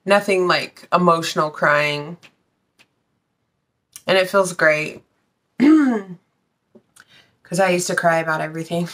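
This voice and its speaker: A woman's voice: fairly low pitch, gravelly, fairly bright tone. A woman reading tarot in a casual, blunt way, swearing freely and talking straight to her viewers. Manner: blunt, swears freely, breaks into sung lines. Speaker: tarot reader.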